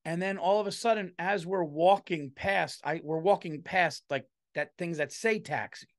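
Animated New man telling stories. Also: sits high, normal speed. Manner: loud, animated storytelling with frequent "dude". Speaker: podcast host. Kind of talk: casual comedic storytelling.

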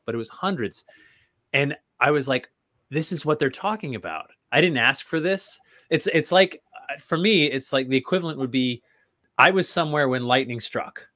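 A male guest in a casual chat, telling stories in an animated, joking way. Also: medium pitch.

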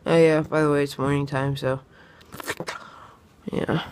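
A teenage boy from New Jersey telling a story in a casual vlog, rambling and excitable with lots of fillers and restarts. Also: a little high, measured pace, a little hiss or hum. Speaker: vlogger.

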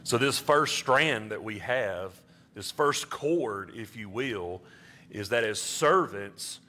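Pastor giving an animated sermon, bright, forceful male voice. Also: takes it slowly, slight background noise. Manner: animated, jumps high in pitch for emphasis.

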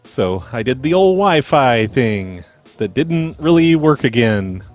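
A man's voice: medium pitch, very animated, takes it slowly, faint music behind. A man hosting a prank call comedy show, talking in a laid-back way with lots of "like". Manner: laid-back, says "like" often.

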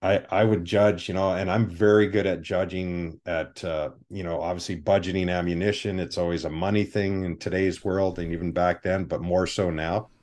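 A man, a film armorer, telling stories in an interview, animated and acting out what other people said. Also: deep voice, normal speed, hardly any pauses. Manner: animated anecdotes, acts out quoted people. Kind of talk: storytelling interview.

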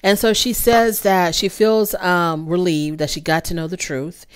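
A woman casually recapping a reality TV episode, acting out the quotes with big jumps in pitch. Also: fairly even intonation, measured pace, clear, resonant tone. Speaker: TV recap host.

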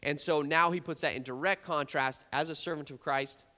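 A man preaching from a church platform, his voice sitting a bit high for a man. He builds his points in emphatic repetitions and mimics the accusers in a sharper tone. The sound carries a long hall reverb. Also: moderate pace. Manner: animated preaching, acts out accusers in a raised voice. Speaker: pastor. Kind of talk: sermon. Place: church sanctuary.

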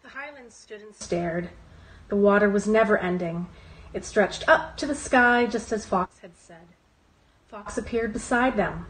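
A woman reading a children's storybook aloud in a calm, soft way. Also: medium pitch, moderate pace, a little hiss or hum, poor audio.

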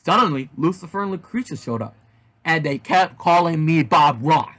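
A man reading a fan story aloud, animated in his delivery. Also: on the high side, normal speed. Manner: animated, with shouted outbursts. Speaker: reader.

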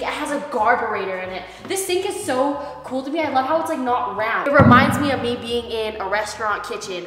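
A teenage woman, chatting excitedly and casually on a house-tour vlog, with lots of "like" as she walks around. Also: fairly high pitch. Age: teens. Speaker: vlogger. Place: large empty house, indoors. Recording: echoey empty rooms, background noise.

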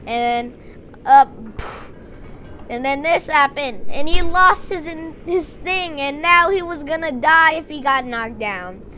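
A woman narrating a gameplay story with excitement, acting out her characters. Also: sits high, takes it slowly, a little hiss or hum. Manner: excited storytelling, doing dramatic voices for the characters. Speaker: game narrator.

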